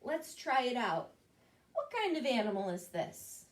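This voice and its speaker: A woman, a children's librarian, leading an animated storytime guessing game for kids. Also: a little high, a little slow.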